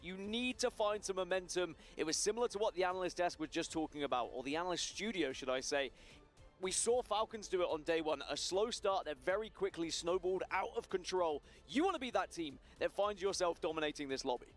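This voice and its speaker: A man giving measured, analytical esports commentary. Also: sits high, lively intonation, soft background music.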